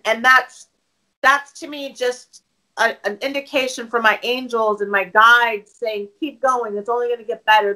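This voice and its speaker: Bright-voiced woman telling stories. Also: on the high side, poor audio. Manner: open, animated storytelling with many restarts. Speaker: podcaster and interview guest. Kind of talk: casual interview conversation.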